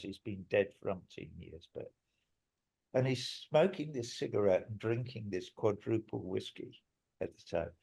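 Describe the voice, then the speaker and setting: An older man, a musician guest in an interview, tells stories in a rambling, emphatic way, swearing now and then. His mid-range voice is a little mellow, with vocal fry and a breathy edge.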